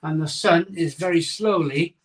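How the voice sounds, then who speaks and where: Man, middle-aged, fairly high voice, chatty live stream host, recorded on a phone. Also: moderate pace. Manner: chatty, jokey, sleepy and yawning. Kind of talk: casual live chat reading viewer comments. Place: home conservatory. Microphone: phone camera.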